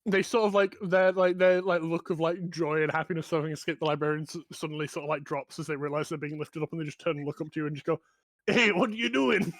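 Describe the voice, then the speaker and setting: A man's voice: fairly high pitch, flat delivery, quick pace, few pauses, dry recording. A man narrating as game master in a tabletop game, loose and giggly, full of fillers.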